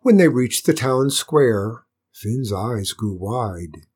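Storybook narrator, calm and measured, husky man, mid-pitched. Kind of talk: storybook reading.

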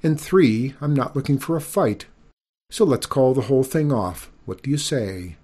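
A man's voice: mid-range voice, animated, normal speed, mellow, pitched above the performer's own voice, lightly acted. A man doing a mopey hopeless prince. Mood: reasoning. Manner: mopey, wry. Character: gloomy self-pitying young prince.

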